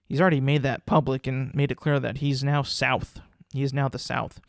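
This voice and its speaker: A man's voice: medium pitch, flat delivery, normal speed, creaky, dry recording, clean studio sound. A young man hosting a casual solo podcast, talking in a rambling, profane, incredulous way. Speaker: podcast host.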